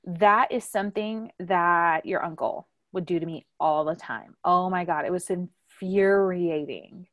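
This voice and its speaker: Slightly low in pitch and a little slow with few pauses, this young woman hosts a family chat podcast full of laughter. She's an animated storyteller who performs quotes loudly, recorded dry with clean studio sound.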